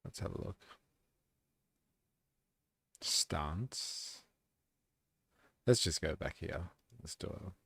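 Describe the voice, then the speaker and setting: A man's voice: low voice, fairly quick, gravelly, a bit bright, husky, no room sound. A man hosting a live stream, chatting casually, swearing and reading chat comments aloud. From Australia.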